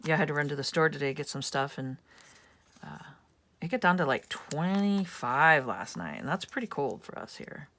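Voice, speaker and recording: A woman's voice: deep voice, animated, moderate pace, fairly bright tone, a little hiss or hum. A woman hosting a casual craft tutorial, chatting and thinking aloud as she works at home. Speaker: craft channel host.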